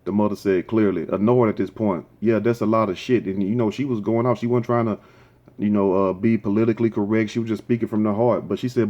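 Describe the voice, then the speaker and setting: A man's voice: lowish voice, steady tone, fast talker, mellow, muffled recording. A man hosting his own show, giving rambling, opinionated commentary in a casual, conversational way. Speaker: show host.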